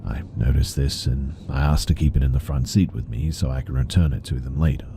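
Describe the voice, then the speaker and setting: Male horror narrator, extremely low and dark voice, calm measured scripted read. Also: vocal fry, a little hiss or hum. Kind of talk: scripted first-person story narration.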